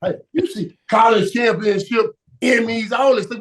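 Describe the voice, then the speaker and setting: A man's voice: sits high, lively intonation, normal speed, few pauses, a little hiss or hum. A man, a guest on a sports talk show, talking emphatically, repeating himself and breaking into laughter.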